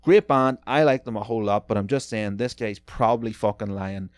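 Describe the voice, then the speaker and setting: A man's voice: fairly low pitch, brisk, no room sound. A man hosting his own podcast, ranting about music news and internet posts in a sarcastic, swear-heavy way. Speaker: podcast host. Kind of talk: solo podcast rant.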